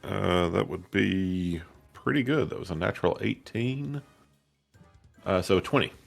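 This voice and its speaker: Deep gravelly-voiced male player. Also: expressive, a little slow, faint music behind. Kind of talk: casual tabletop game play.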